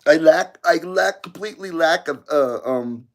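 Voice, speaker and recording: A man's voice: on the high side, normal speed. A man hosting a live stream, rambling casually as he reads viewer comments aloud and laughs often. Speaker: livestream host reading viewer chat. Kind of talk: casual chat.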